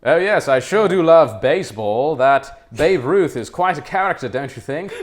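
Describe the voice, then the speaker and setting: A man voicing a genteel 1940s film gentleman with an affected, old-movie way of speaking. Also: a little high, animated, moderate pace, natural voice. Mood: mock-genteel.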